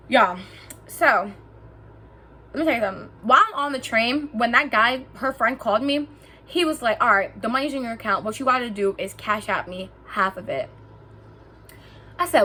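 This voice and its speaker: A woman's voice: medium pitch, normal speed, pauses often, a little hiss or hum. Young woman animatedly telling a story. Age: young adult. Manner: animated, swearing, acts out quotes. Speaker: vlogger. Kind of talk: storytime vlog. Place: indoors, lying down at home.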